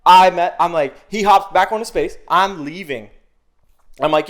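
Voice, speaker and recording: A man's voice: high-pitched, a little slow. A man telling a story on a podcast, casual and profane, acting out what he and others said. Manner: animated, profane, acts out his own quotes. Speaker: podcast guest.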